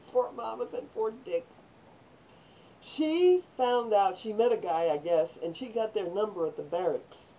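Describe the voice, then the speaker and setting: Older woman vlogger, rambling personal anecdotes told with lively acted-out quotes. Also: mid-range voice, measured pace, poor audio. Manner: rambling, animated, acts out quoted voices. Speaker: vlogger telling her life story. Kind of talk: personal storytelling monologue.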